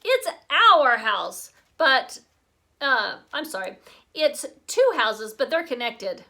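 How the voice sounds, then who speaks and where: A woman's voice: high-pitched, very animated, takes it slowly, pushed and bright, heavily acted. Woman playing a snippy, bossy young girl.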